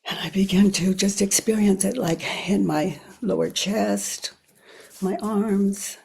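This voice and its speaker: An older woman leading a guided self-inquiry, talking slowly and reflectively with pauses and often sinking to a near whisper. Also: medium pitch, creaky, darkish tone, slightly rough. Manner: thinks aloud with pauses. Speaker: spiritual teacher.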